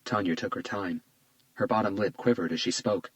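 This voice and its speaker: Male narrator for a crime audiobook, steady storytelling, dry booth. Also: fairly low pitch, normal speed, no echo, muffled recording. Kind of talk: scripted narration.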